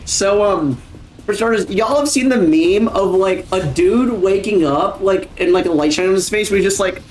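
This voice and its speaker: A man's voice: sits high, moderate pace, a little mellow, slight background noise. Rambling, cursing young male streamer. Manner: rambling, swears often, frequent fillers. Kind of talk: casual live-stream chat.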